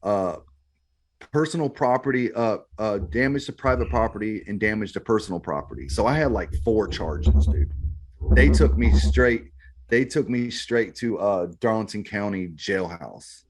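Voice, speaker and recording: A man's voice: fairly low pitch, animated, normal speed. A man guest on a podcast, telling his story in a laid-back, slangy way, often saying "man" and "bro". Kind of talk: casual storytelling.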